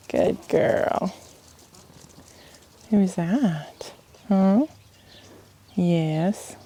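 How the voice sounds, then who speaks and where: Woman softly soothing a young horse outside, slow mellow voice, lots of whispery bits, birds in the background. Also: mid-range voice, breathy edge. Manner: gentle, soothing, often hushed to a whisper. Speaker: horse trainer in a gentling challenge. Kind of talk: soft-spoken talk to a horse. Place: outdoors at a horse pen.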